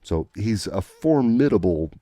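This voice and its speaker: A man's voice: fairly low pitch, lively intonation, a little slow, dark tone, no echo. A man hosting a podcast, recapping comics in a casual, rambling way with lots of fillers. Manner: rambling, with many fillers and restarts. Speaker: podcast host.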